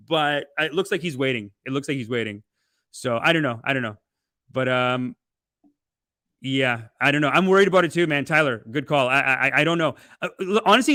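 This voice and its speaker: A man hosting a casual livestream, reading donations and ranting, swinging between loud outbursts and muttered asides. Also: a little high, dry recording, clean studio sound. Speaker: livestream host.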